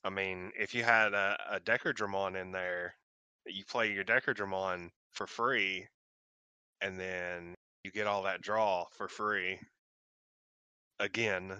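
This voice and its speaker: A man on a casual card game podcast, hesitant with fillers, reading card text quickly. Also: low-pitched, steady tone, bright, forceful tone, smooth, no echo, lo-fi sound.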